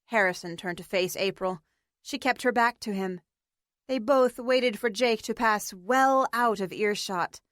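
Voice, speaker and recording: A woman reading a post-apocalyptic novel aloud as an audiobook narrator, in a measured, even manner. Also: medium pitch, dry recording, clean studio sound. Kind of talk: scripted narration.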